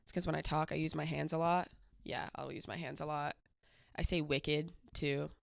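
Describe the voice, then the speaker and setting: A woman from the Boston area co-hosts a podcast, speaking at a normal speed in a low, steady, gravelly voice. Her casual chat is direct and loaded with fillers.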